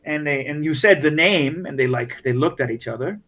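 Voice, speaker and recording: A man's voice: fairly high pitch, expressive, fairly quick, a bit bright. A man narrating as game master, rambling with many restarts. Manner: rambling, full of fillers and restarts.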